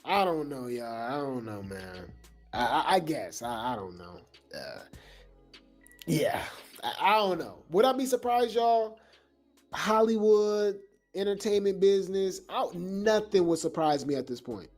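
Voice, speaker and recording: Male live-show host: loose, rambling, chatty with the audience; music playing softly behind. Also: fairly high pitch, lively intonation. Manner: rambling, addresses viewers as y'all, halting restarts. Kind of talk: casual commentary to a live audience.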